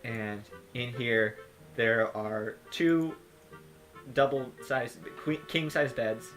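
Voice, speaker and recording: A man narrating a tabletop game as game master, relaxed and halting with fillers. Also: mid-range voice, soft background music.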